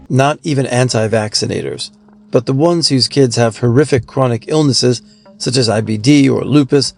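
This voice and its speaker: A man reading out forum stories in an even, steady scripted narration. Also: medium pitch, gravelly.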